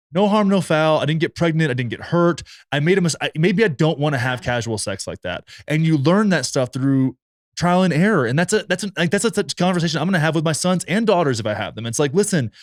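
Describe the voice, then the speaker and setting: A man's voice: medium pitch, no echo, studio quality. A man hosting a podcast in casual chat, blunt and profane, full of fillers and restarts. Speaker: podcast host.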